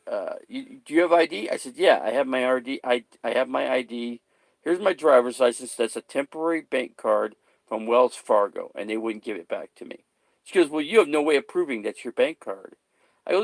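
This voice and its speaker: A man's voice: mid-range voice, creaky, no echo. A man talking casually to his camera, rambling, swearing and repeating himself as he gets worked up. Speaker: vlogger.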